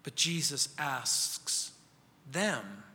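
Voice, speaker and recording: A male pastor preaching an expository sermon, acting out quoted voices and dropping to soft, quiet lines for emphasis. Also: mid-range voice, lively intonation, drawn-out words. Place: church sanctuary. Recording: long church reverb.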